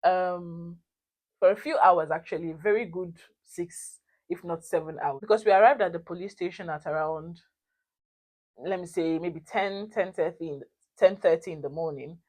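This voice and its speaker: A young woman, telling a personal story to her viewers in a lively, expressive way. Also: fairly low pitch, moderate pace. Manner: animated, expressive storytelling with frequent laughter. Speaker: vlogger. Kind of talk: casual storytime.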